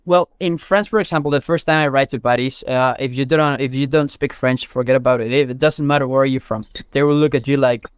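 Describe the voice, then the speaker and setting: A man's voice: medium pitch, steady tone, brisk, few pauses, clean tone, no echo. Give me a Mexican-born man whose first language is Spanish, chatting as a guest in a dry, close sound. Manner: chatty storyteller, many fillers and restarts. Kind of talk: casual chat.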